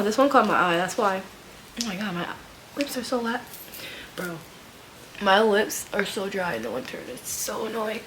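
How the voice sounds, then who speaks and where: A woman's voice: medium pitch, a little hiss or hum, poor audio. A woman vlogger with a stuffy nose, rambling laid-back about her shopping haul, using lots of fillers. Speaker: vlogger, full-time nurse. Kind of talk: casual haul chat.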